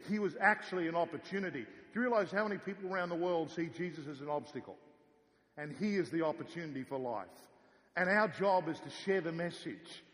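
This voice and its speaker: A male pastor preaching a sermon, telling a story with lively swings from loud to soft. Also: fairly high pitch, long reverb tail. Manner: animated storytelling, rising and dropping in volume.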